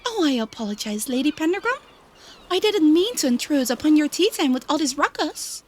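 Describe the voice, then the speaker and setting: A woman voicing a gentle, polite young woman teacher who speaks softly and courteously, reading game dialogue. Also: high voice, very animated, a little fast. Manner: soft, courteous, apologetic.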